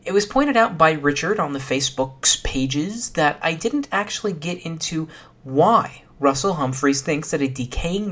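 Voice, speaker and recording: Solo science podcast host, dry and sardonic, casual delivery, mid-range pitch. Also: fairly bright tone. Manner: casual with fillers.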